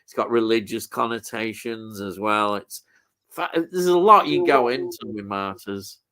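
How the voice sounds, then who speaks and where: A man hosting a casual live stream, musing slowly and laughing often. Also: lowish voice, sharp tone. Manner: slow, laughs often, muses aloud.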